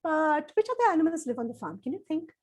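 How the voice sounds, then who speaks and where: A woman telling a story to children in an animated, sing-song way, coaxing them to join in. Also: sits high, quick pace.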